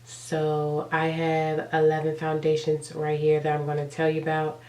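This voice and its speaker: Congested, raspy young woman, low and flat. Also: moderate pace, roomy sound, recorded from a distance. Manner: chatty, rambling, filler-heavy. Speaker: beauty vlogger. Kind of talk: casual chat.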